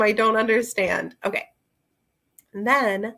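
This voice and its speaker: A woman's voice: medium pitch, slow, fairly bright tone. A woman in a casual book review chat, rambling and chatty, with many fillers and asides, talking straight to her viewers. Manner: talks to her viewers and a friend directly.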